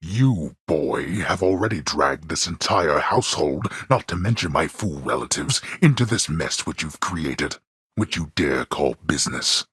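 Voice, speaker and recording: Underworld god-king, game character, scornful and imperious, very deep voice, gravelly rasp. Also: expressive, a little slow, a bit bright, no echo, heavily acted. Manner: contemptuous, imperious, cutting. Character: stern, cold god-king of the underworld, male. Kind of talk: video game voice acting. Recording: dry studio recording.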